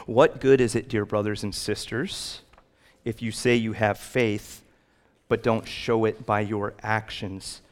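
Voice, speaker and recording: A male pastor preaching a sermon, animated, climbing to loud emphatic peaks and then dropping back down. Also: on the low side, measured pace.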